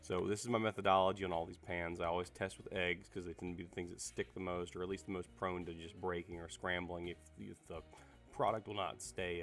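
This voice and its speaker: Very deep, flat-voiced raspy sick man. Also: a little fast, soft background music. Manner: relaxed, rambling with fillers and restarts. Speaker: cookware reviewer. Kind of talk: casual product review.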